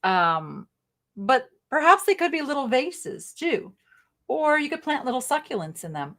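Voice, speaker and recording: Middle-aged woman host, slightly high voice, chatty and rambling, live-sale patter. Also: very animated, measured pace, fairly bright tone. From American South. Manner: chatty, rambling, thinks aloud. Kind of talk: casual live selling chat.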